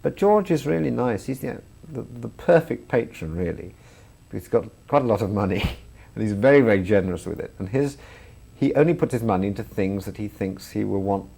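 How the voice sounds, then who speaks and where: Low, gravelly Englishman telling anecdotes. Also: animated, fairly quick, warm tone. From England. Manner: chatty, self-deprecating, laughs through stories. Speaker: guest, comedian and filmmaker. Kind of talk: interview anecdotes.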